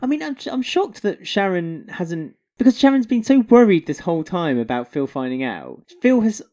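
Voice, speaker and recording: This is a lively podcast co-host in casual chat, often laughing and jumping between quick asides. The voice sits at a middle pitch. The sound is a little dull and lo-fi.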